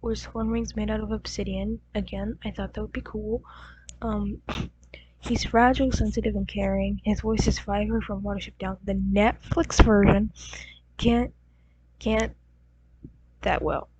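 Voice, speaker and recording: A woman's voice: mid-range voice, fairly even intonation, measured pace, pauses often, darkish tone, slightly rough. A woman with a groggy, crusty morning voice, casually rambling and giggling as she shows off her characters. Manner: rambling, giggly, lots of fillers. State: groggy, crusty voice from just waking. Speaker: channel host. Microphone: poor-quality home mic. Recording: dull muffled mic with faint hum.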